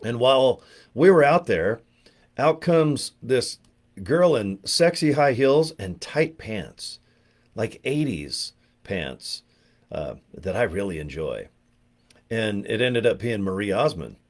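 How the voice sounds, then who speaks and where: Chatty fifties man, lively low voice. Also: slow pace. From California, USA. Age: 50s. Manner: animated storyteller, chatty and jokey. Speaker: online marketer. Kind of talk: casual rambling monologue.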